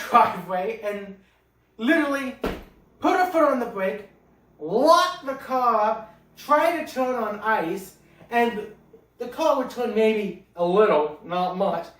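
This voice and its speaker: A man casually telling funny family anecdotes in a lively, self-mocking way. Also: high-pitched. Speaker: family storyteller. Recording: roomy, distant mic.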